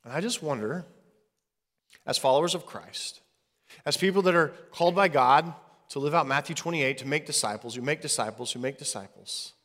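Male pastor, high bright voice, earnest conversational sermon, long hall reverb. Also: normal speed.

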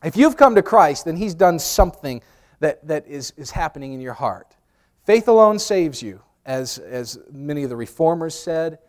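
A man preaching a sermon, telling lively personal stories, acting out voices loudly and often repeating words as he restarts. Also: a little high, moderate pace. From New York. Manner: animated storyteller, acts out voices loudly. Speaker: pastor. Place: church sanctuary.

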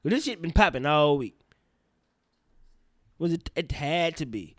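A man's voice: fairly high pitch, measured pace, dry recording, clean studio sound. A young man hosting a podcast, ranting in casual news commentary, profane and prone to tangents. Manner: animated, profane, goes off on tangents. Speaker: podcast host.

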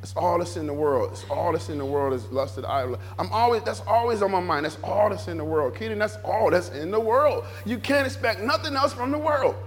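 A man preaching a sermon in a church, animated and repetitive, acting out little inner dialogues as he goes. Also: sits high, fairly quick, hardly any pauses, a little hiss or hum. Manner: animated, repeats phrases, acts out inner dialogue. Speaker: pastor.

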